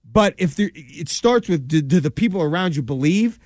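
New guy, earnest sports talk, a bit higher voice, dry close mic. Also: lively intonation, dry recording. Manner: earnest, measured, reasoning aloud. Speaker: podcast co-host.

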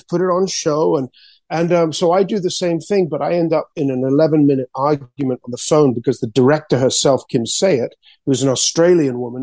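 A man, an artist and author, telling his story as an interview guest, excitedly repeating words and acting out quotes. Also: mid-range voice, no echo.

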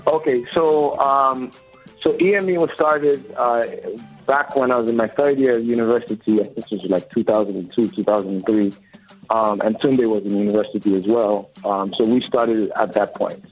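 A man's voice: medium pitch, fairly even intonation, normal speed. A man in his forties, a record label co-founder, talking earnestly and reflectively as an interview guest. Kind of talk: casual interview talk. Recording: dull lo-fi audio with faint music.

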